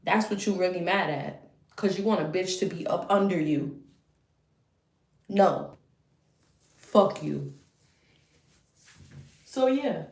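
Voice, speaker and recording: A woman's voice: expressive, slow, creaky, long pauses. Heated profane young woman in a roomy space. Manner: heated and profane, swings between loud outbursts and low muttering. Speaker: storyteller. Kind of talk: profane storytime rant.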